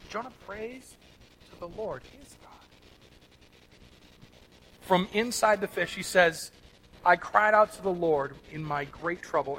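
A man preaching a sermon in an earnest, emphatic way, swinging between loud stressed words and soft asides. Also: high-pitched, a little hiss or hum, rough recording. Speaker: pastor.

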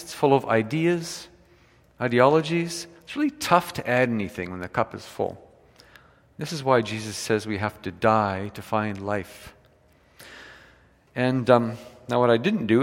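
Man, pastor, casual chatty sermon, mid-pitched voice, long church-hall reverb. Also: fairly bright tone. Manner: informal, conversational preaching with asides.

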